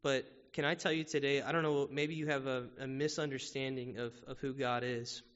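Speaking at normal speed in a medium pitch, the preacher keeps a level, slightly bright tone. He addresses the congregation in a conversational way, repeatedly asking rhetorical questions, and the church sanctuary recording sounds muffled with a long reverb.

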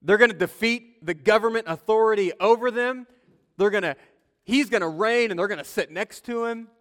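A man in his thirties, a pastor preaching in a casual storytelling way. His voice sits a little high for a man. The sound rings out with long reverb from the hall. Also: normal speed, clean tone. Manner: conversational storytelling, acts out quoted voices. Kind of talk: sermon.

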